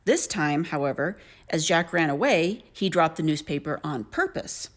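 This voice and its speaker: A woman reading a children's story aloud with a lively, lilting delivery. Her voice sits fairly low for a woman, yet it rises and falls widely through every sentence. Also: moderate pace. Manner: animated, lilting. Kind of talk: expressive read-aloud storybook narration.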